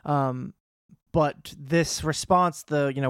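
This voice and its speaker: A man co-hosting a podcast, recapping a show in casual, chatty talk with quick asides. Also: on the high side, dry recording, clean studio sound. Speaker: podcast co-host.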